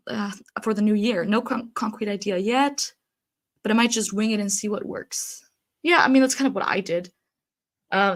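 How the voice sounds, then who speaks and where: A woman live-streaming, chatting loosely and answering her chat as she goes. Her voice is mid-pitched and slightly stuffy from a blocked nose, with frequent fillers and easy laughter. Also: a bit bright. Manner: chatty, reads chat aloud, laughs often, frequent ums and likes.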